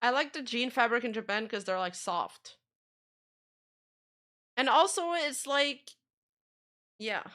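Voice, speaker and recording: Bright-voiced woman streamer chatting. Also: fairly high pitch, animated, takes it slowly, pauses often. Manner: chatty, rambling, trails off mid-sentence. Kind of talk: casual chat reacting to videos.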